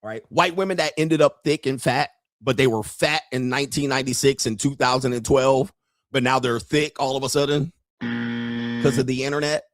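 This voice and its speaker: A man's voice: medium pitch, fairly even intonation, normal speed, no room sound, studio quality. A man hosting a casual live stream, talking straight to his viewers in a brash, profane, rambling way with frequent laughter.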